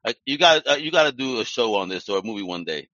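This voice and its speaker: A man's voice: fairly low pitch, expressive, fast talker, very noisy. A man hosting a podcast interview in a casual chat, hyped and slangy, swearing freely as he plugs his guest. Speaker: podcast host. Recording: dry, muffled lo-fi podcast audio.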